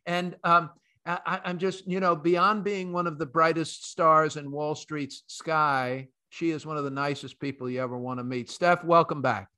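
Bright-voiced jovial male radio host. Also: fairly high pitch, steady tone, moderate pace, clean tone. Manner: chatty, jovial, many fillers and restarts. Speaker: host and chief market strategist. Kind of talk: financial radio talk.

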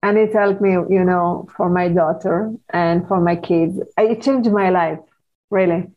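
A middle-aged woman whose first language is Hebrew, speaking as a guest author in an interview, earnest and halting with frequent restarts. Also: lowish voice, fairly even intonation, highs cut off. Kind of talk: conversational interview.

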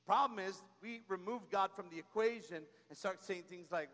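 A pastor preaches a sermon in a church sanctuary, exhorting the congregation with call-and-response. His voice is high-pitched and a bit bright at a moderate pace, with the long reverb of a large hall.

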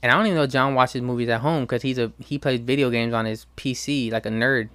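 A man's voice: medium pitch, fairly even intonation, quick pace, fairly bright tone, no echo. A young man hosting his own show, talking casually in a slangy, profane, ranting way. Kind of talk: casual monologue.

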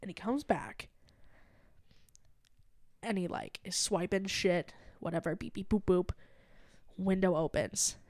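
Speaking in a lowish, unhurried voice with frequent pauses, this young woman co-hosts a comedy podcast. She's animated as she tells a casual story, performing the quotes and cursing without hesitation. The studio recording is clean, with no room sound.

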